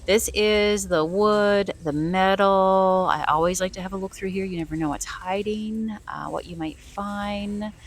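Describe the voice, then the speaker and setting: A woman's voice: medium pitch, fairly even intonation, unhurried, hardly any pauses. A woman vlogging while thrifting in a store, chatting casually and enthusiastically about her finds. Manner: chatty, enthusiastic, rambling asides. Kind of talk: casual vlog narration.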